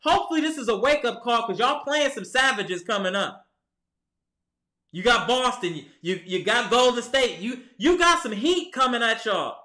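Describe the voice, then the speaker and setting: A high, bright-toned man rants at his team, heated and exasperated, as if talking to the players themselves. His voice rings off the walls of an echoey room at home, picked up by a camera mic. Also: expressive, normal speed. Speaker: sports vlogger. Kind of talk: ranting fan commentary.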